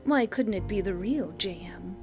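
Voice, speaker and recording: A woman's voice: medium pitch, moderate pace, creaky, lightly acted. A woman voicing a flirtatious female vampire detective who talks in a blunt, dry, sardonic way. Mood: dry, wry. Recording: background music under the voice.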